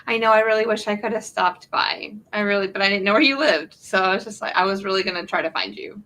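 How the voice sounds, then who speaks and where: Bright, playful woman chatting. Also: medium pitch, fast talker. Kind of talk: casual chat.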